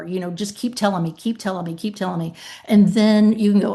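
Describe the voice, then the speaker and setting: A podcast host and author chats casually on her show, speaking emphatically and acting out calls with claimants. Her mid-range voice is mellow and fairly quick.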